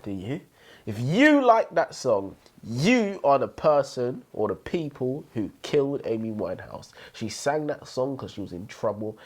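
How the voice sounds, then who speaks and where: A man's voice: fairly low pitch, breathy edge. A man co-hosting a casual book discussion, talking bluntly and swearing often. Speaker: podcast co-host.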